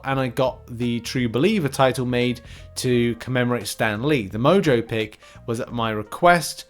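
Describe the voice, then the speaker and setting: Casual gaming news host, man, mid pitch, rambling chatty delivery, faint music underneath. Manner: chatty, rambling, frequent fillers and restarts.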